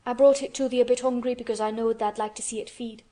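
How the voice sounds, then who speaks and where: A woman reading a gentle, kindly country boy with a who charms animals, soft and unhurried. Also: a little high, steady tone, close to an everyday voice. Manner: soft, gentle, broad dialect speech.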